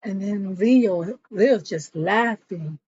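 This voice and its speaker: A woman's voice: medium pitch, slow, a little mellow, breathy edge, dry recording, lo-fi sound. A woman recapping a TV episode in a casual, chatty way, acting out the characters' lines and addressing her viewers as y'all. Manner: chatty storytelling that acts out quotes, says y'all. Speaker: TV episode reviewer.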